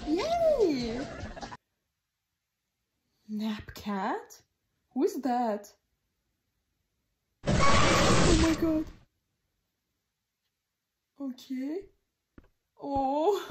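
A woman voicing Pomni, an anxious and excitable young jester, reacting to an animation with gasps and startled exclamations. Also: very high-pitched, heavily acted, poor audio. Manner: gasping, exclaiming, easily scared. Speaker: reaction video host. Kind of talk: character reaction commentary. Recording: loud background music.

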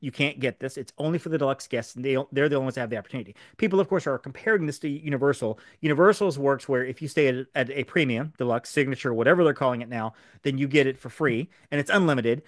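A man co-hosting a podcast in a studio, explaining things in a fast, animated way with lots of fillers. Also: medium pitch, no room sound. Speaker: podcast co-host. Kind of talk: casual podcast chat.

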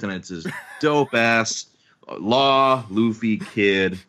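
A man's voice: fairly low pitch, takes it slowly, bright, forceful tone. A man guesting on a podcast, chatting casually, joking and swearing freely as he recaps. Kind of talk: casual chat.

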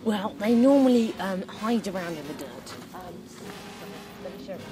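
A young man playing a foul-mouthed expert who lives in the bushes, rambling and swearing in a put-on voice, with loud music behind. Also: sits high, lively intonation, normal speed. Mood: explaining. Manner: swearing, rambling, keeps changing voice. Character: foul-mouthed male bush-dwelling bird guru. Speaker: expert interviewed in a mock documentary.

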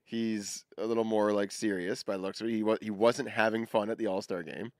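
A man co-hosting a hockey podcast in casual chat, animated and acting out players' lines. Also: on the low side, a little fast, dry recording, clean studio sound. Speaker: podcast co-host.

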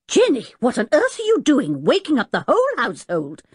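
A woman's voice: lowish voice, very animated, a little slow, no room sound. A woman voicing a doubtful, patient male professor who reasons mildly and sighs. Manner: mild, sighing, reasoning.

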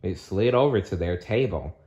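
A man reading a children's storybook aloud with slow, expressive storytelling. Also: low-pitched, lo-fi sound. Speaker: narrator.

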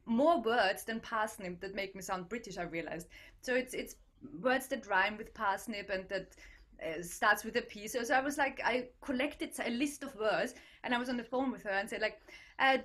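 A woman hosts an online comedy show over a video call. Her voice is high, and she talks hesitantly, with plenty of fillers and frequent giggles. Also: normal speed, fairly bright tone.

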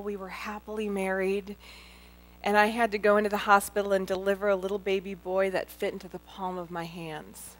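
A woman's voice: medium pitch, fairly bright tone. A middle-aged woman giving a personal testimony talk to a live audience, earnest and heartfelt, speaking directly to her listeners as a Christian speaker.

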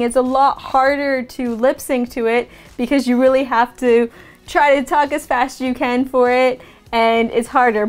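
Woman, high-pitched, friendly tutorial host, step-by-step explaining, light music underneath. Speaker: video production teacher. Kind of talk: casual tutorial vlog.

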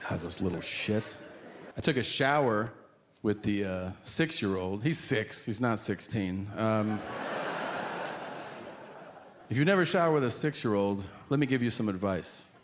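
A man's voice: on the low side, expressive, moderate pace, noisy background. A man doing a stand-up comedy routine on stage, telling profane stories and acting out other people in shifted voices. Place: comedy stage before a live audience.

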